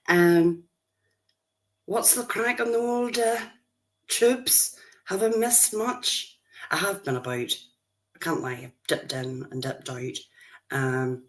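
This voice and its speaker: A woman in her fifties, a grandmother, hosting a casual livestream and chatting with viewers, greeting them by name as they join. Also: medium pitch. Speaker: livestream host.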